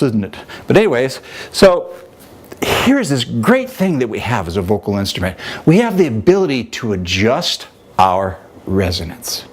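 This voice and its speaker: A man's voice: mid-range voice, darkish tone. A man teaching as a vocal coach, talking in a conversational, demonstrative way. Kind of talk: instructional talk with vocal demonstrations.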